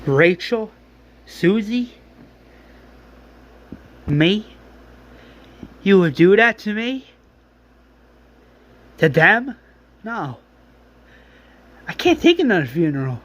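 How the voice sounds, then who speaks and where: A man's voice: high voice, big pitch swings, fairly bright tone, voice pushed up, full character voice. A man playing a grieving young man begging his sister. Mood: pleading. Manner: emotional, pleading, halting restarts.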